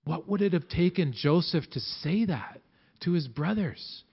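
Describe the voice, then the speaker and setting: A man preaching a sermon in a conversational way, acting out quotes with big swings in pitch and loudness. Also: expressive, measured pace, creaky, breathy edge, dull audio. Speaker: pastor.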